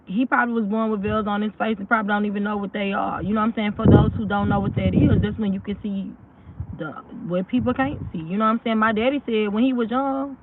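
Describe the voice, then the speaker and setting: A woman casually telling a true story, rambling and often checking in with her listeners. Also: mid-range voice. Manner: rambling, keeps asking "you know what I'm saying". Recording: tinny phone-like audio.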